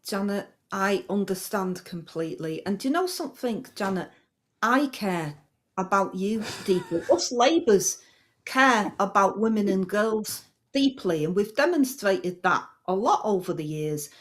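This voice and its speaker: A woman's voice: medium pitch, animated, measured pace, natural voice. A woman voicing a brash, blunt woman politician who hands out advice in a comic radio sketch, talking in casual slang and brushing things off. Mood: brusque. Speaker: agony aunt in a comedy sketch.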